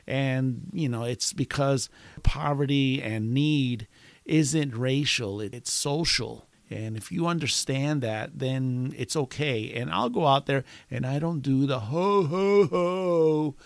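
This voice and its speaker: A man's voice: mid-range voice, unhurried, gravelly, dry recording. A man hosting a podcast, telling a story in a loose, rambling way, often breaking into chuckles. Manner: chuckles often between sentences; self-deprecating, rambling with restarts. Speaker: podcast host. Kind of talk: casual storytelling monologue.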